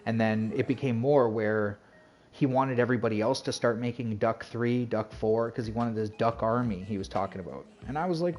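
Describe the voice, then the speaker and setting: A man's voice: medium pitch, normal speed, darkish tone, slight background noise. Rambling man streamer chatting casually. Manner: rambling, filler-heavy, acts out quoted dialogue. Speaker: game streamer. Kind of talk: casual chat storytelling to stream chat.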